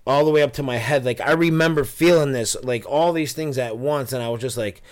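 A man's voice: medium pitch, a little fast. A man telling his personal testimony in an interview, earnest and storytelling, with many fillers and restarts. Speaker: interview guest.

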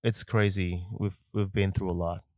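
A man from Nigeria co-hosting a podcast with his wife, talking in a relaxed, joking way. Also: deep voice, moderate pace, no room sound, studio quality. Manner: relaxed, joking, many "like" fillers. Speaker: podcast co-host. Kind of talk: casual conversation.

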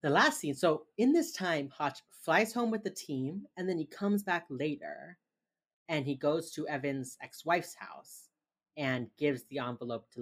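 A woman with a strikingly deep voice co-hosts a casual podcast. She retells a TV episode in a loose, chatty way, leaning on "like" and "you know". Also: slightly rough. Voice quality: very low-pitched, relaxed storytelling with lots of "like". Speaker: podcast co-host recapping a TV episode. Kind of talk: casual chat.

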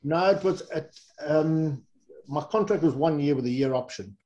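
A middle-aged man from England with a warm, mellow voice spins loose, rambling stories as an interview guest. He wanders through fillers and self-corrections in an easygoing, conversational way. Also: on the high side, moderate pace, highs cut off. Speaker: guest, former rugby player. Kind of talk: casual anecdotal storytelling.

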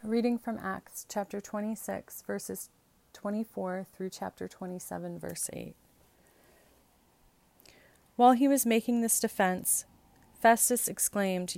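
A woman reading scripture and canticles aloud in a measured, steady liturgical style. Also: medium pitch, creaky, no echo. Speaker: scripture reader.

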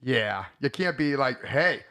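Man, podcast host, crude jokes, rambling, laughs a lot, fairly high voice. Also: sing-song, moderate pace, a bit bright. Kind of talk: casual podcast chat.

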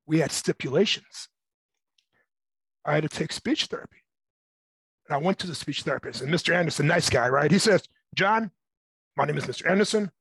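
A middle-aged man being interviewed, telling personal stories in a lively way and acting out the voices of people in them. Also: on the high side, a little fast, pauses often, husky, no room sound, low-quality recording. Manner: animated, acts out voices in his stories. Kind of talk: personal storytelling.

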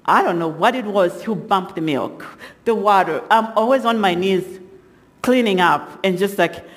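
A middle-aged woman giving a sermon testimony as guest speaker, telling stories with halting restarts and lively acted quotes. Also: mid-range voice. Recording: long hall reverb.

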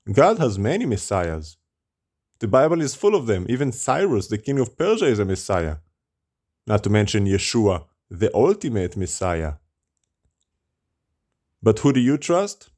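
A man's voice: lowish voice, a little mellow. A man preaching as a rabbi, with rhetorical questions and a scornful tone. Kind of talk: sermon.

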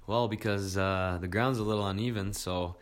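A man's voice: fairly low pitch, steady tone, normal speed. A man explaining things in a plain, practical way during a casual chat.

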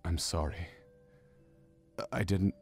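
A tired young hero speaks in a low, heavy voice, as a man reading an audiobook plays him. His words drag with fatigue and hesitation. Faint music sits underneath. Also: fairly even intonation, takes it slowly. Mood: weary. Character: exhausted young male hero, shaken and doubtful. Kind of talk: audiobook character voice.

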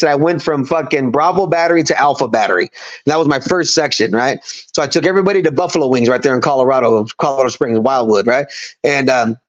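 A man who is an army veteran, a podcast guest telling profane, heated war-story anecdotes in casual chat. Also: fairly high pitch. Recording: dull lo-fi audio.

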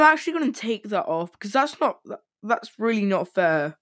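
A male podcast host talking casually and very fast, with lots of ums and restarts. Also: sits high, big pitch swings, fairly bright tone, dry recording, clean studio sound. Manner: talks very fast with many fillers and restarts. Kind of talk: casual solo podcast talk.

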